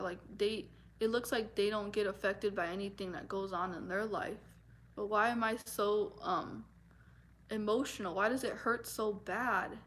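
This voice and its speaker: A woman's voice: medium pitch, a bit bright, slight background noise. A woman vlogger talking earnestly and from the heart about her feelings, with many fillers and restarts. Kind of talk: personal talk to camera.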